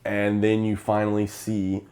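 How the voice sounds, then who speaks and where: A man's voice: lowish voice, monotone, a little slow, darkish tone. A young man co-hosting a casual movie review, rambling through the plot with lots of fillers and acting out the characters' lines. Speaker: co-host of a movie review show. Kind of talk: casual chat retelling a film.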